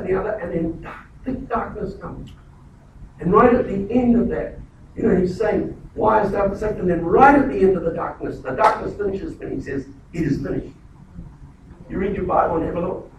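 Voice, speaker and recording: A man's voice: sits high, very echoey, far from the mic, a little hiss or hum, rough recording. A man preaching a sermon as a pastor in a church, emphatic, often repeating words and restarting phrases.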